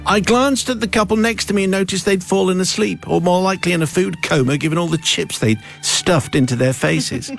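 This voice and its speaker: A male radio host reads a listener's letter aloud with playful, theatrical amusement. His voice sits on the high side. Faint music plays under the studio mic. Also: a little fast, vocal fry, hardly any pauses, fairly bright tone.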